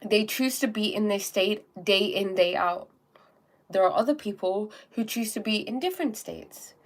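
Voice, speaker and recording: A woman's voice: medium pitch, normal speed. A young woman hosting a live stream, talking casually about self-help and often checking in with "okay?". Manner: chatty, repeats "okay?" and "um", acts out little scenes.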